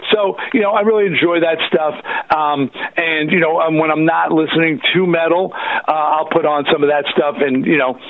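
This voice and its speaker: A man guesting on an interview, telling stories in a lively, animated way and plugging his new record. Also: fairly high pitch, moderate pace, no echo. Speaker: guest musician. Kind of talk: casual interview chat. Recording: tinny phone line.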